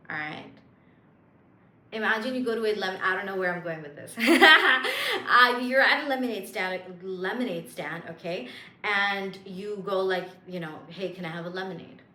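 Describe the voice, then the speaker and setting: Playful chatty woman doing a spiritual pep talk, bright voice, roomy echo. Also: medium pitch, slight background noise. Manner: chatty and playful, lots of fillers, laughs at herself. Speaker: manifestation coach. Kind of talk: casual spiritual coaching monologue.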